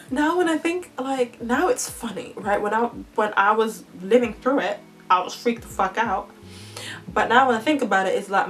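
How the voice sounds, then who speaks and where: Animated young woman telling a story. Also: medium pitch, low-quality recording. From Denmark. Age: young adult. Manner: animated, laughing storyteller with slang. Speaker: vlogger. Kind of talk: casual storytime.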